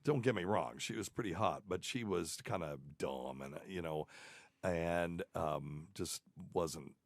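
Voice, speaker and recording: A man's voice: deep voice, measured pace, dry recording. A man hosting a casual talk show, telling a long rambling story and chuckling often. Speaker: podcast host. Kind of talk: casual chat.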